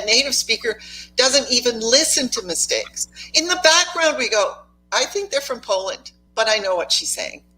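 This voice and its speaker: A woman English teacher explains her ideas in a conversational discussion. Her voice is bright and forceful, with a faint hum behind it. She speaks emphatically and drives her points home with quick examples. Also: medium pitch, poor audio.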